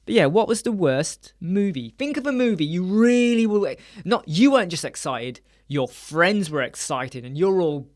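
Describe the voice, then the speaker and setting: A man, hosting a casual live stream chat from a small room lined with soundproof panels, animated and acting out quoted voices. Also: high-pitched, moderate pace, hardly any pauses.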